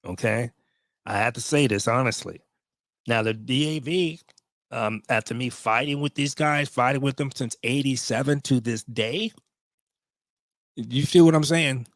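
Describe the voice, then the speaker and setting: A man's voice: mid-range voice, a little slow, a bit bright, dry recording. A man in his fifties, a veteran vlogger, tells a story to his viewers in a blunt, profane way, with emotional asides.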